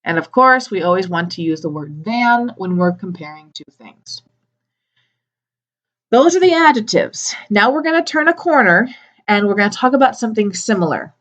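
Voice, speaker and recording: A woman teaching English to adult learners, repeating each word slowly and clearly, with small playful asides. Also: medium pitch, fairly bright tone. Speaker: ESOL teacher. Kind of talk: slow, clearly enunciated classroom teaching. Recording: slightly dull lo-fi recording.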